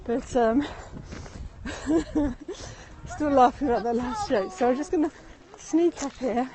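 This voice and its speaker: Woman, high voice, tour guide, chatty, rambling, slightly out of breath, outdoors. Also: slow pace, noisy background. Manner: chatty and rambling, laughs often. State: a bit out of breath from walking. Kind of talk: live-streamed walking tour. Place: outdoors in a city meadow and gardens.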